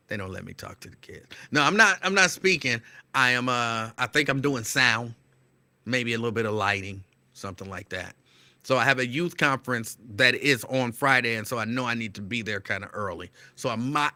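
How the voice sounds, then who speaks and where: A man hosting his show, chatting casually and retelling a story with animated, comic energy. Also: mid-range voice, moderate pace, no room sound. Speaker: show host.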